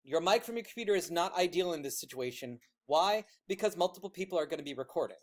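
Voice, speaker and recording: A man with a high-pitched voice walks a classroom of students through a software tool. He projects in a loud teacher voice but keeps it loose and chatty, full of fillers and quick asides. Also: animated.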